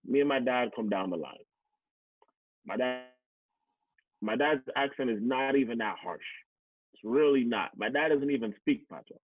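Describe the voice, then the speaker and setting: A man's voice: medium pitch, normal speed, long pauses, dry recording. A man from Canada telling personal stories in a blunt, emphatic way, swearing and repeating words for stress. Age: adult, past teachers college. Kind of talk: candid conversational storytelling. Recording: tinny phone-like sound, dry.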